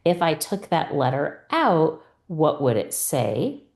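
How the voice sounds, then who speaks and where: Slow, low-voiced woman teacher. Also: big pitch swings, vocal fry, a little mellow, reverberant. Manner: patient, modeling student questions and answers. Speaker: reading teacher trainer. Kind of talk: instructional explanation.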